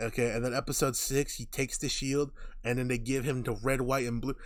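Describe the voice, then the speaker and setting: A man's voice: mid-range voice, brisk, a crowd in the background. A young man chatting casually on a podcast, swearing freely and laughing often as he rants. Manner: profane, animated, laughing often. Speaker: podcast co-host. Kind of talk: casual chat.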